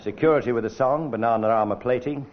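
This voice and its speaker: A man on a comedy panel, delivering improvised puns in a slow, deliberate way. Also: mid-range voice. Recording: lo-fi radio recording with loud hiss.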